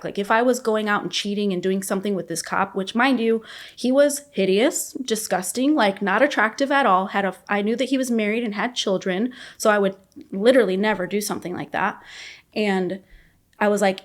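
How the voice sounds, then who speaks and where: A woman speaks as a podcast guest, telling a painful story from her own life. Her voice sits at an ordinary middle pitch. She talks in a casual, emotional way and fills her sentences with fillers. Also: brisk. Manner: casual, filler-heavy with constant "like"; raw and emotional, recounting an ordeal. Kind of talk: personal story told in an interview.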